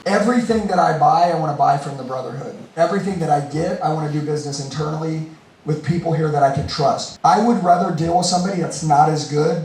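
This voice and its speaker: A man's voice: on the high side, darkish tone. A man giving a blunt, profane, fired-up motivational talk to a group at an indoor meetup. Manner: blunt and profane, rallying the room. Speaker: event host speaking to a group. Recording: echoey room, mic far off.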